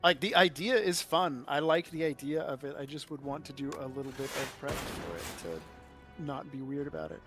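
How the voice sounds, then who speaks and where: A man's voice: medium pitch, lively intonation, normal speed, music in the background. A man chatting casually as a player in a tabletop game, rambling and self-deprecating. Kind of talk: casual chat.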